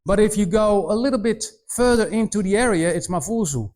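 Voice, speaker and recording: A man in his forties, with a high voice and brisk delivery, gives a missionary presentation to students in a college presentation room. He tells stories animatedly, mimicking voices and often restarting his sentences.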